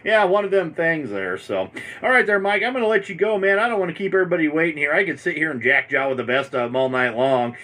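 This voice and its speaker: A man's voice: a little high, animated, fast talker, pushed and bright. A man from Montana chatting casually on the air as an amateur radio operator, folksy and friendly, tagging "there, my friend" onto his lines.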